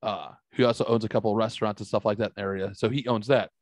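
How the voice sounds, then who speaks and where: A man's voice: lowish voice, steady tone, racing, no echo. A middle-aged man from the St. Louis area, hosting a podcast and telling a story in casual, profanity-filled chat. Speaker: podcast host.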